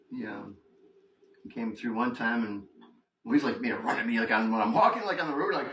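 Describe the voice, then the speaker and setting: A man's voice: mid-range voice, animated, brisk, gravelly, a bit bright, reverberant, recorded from a distance, slight background noise, low-quality recording. A man vlogging in a loose, rambling monologue, full of fillers and laughs. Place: house with the door open.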